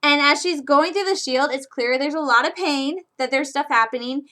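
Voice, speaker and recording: Bright, excitable young woman vlogger. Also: sits high, moderate pace. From Michigan. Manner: chatty, excitable, with frequent restarts. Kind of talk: casual recap vlog.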